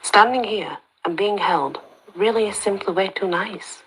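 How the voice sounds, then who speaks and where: A woman narrating a story in the first person, soft-spoken and slipping into whispers. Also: mid-range voice, unhurried, a little hiss or hum, low-quality recording.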